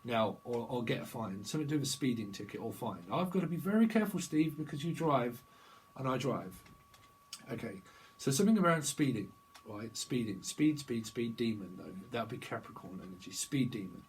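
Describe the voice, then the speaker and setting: A man's voice: medium pitch, expressive, fairly quick, poor audio. A man giving a rambling psychic tarot reading, free-associating through wordplay and laughing at his own jokes. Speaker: tarot reader.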